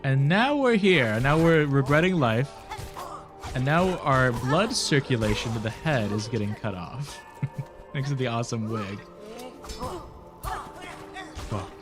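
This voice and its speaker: Nasal young male streamer, mid-pitched, loose rambling chat with frequent laughs, faint music underneath. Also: lively intonation, measured pace. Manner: rambling, laughs often, swears casually. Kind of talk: casual gaming stream chat.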